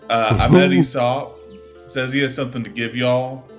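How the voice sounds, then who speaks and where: A man's voice: medium pitch, normal speed, faint music behind, pitched above the performer's own voice, close to an everyday voice. A man voicing a young man with a put-on Southern US drawl, sending a casual warning in a tabletop game. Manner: drawling, casual, says y'all.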